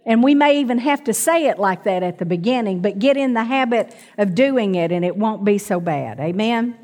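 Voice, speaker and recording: A woman's voice: mid-range voice, expressive, moderate pace, darkish tone, in a large hall. A middle-aged woman preaching a sermon to a congregation, calling out for amens and asking them to repeat after her. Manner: calls out to the congregation, asks for amens.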